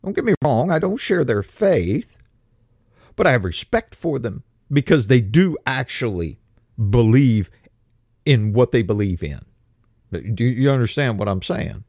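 Heated ranting man, lively pitch. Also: moderate pace, dry recording, studio quality. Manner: heated, emphatic, with mocking impressions of others; repetitive restarts when worked up. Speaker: commentator. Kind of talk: ranting opinion monologue.

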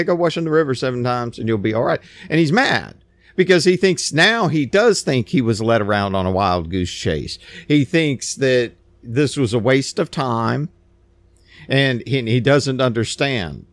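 A man preaching a sermon, retelling a scripture story in plain everyday words with animated storytelling. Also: mid-range voice, no room sound.

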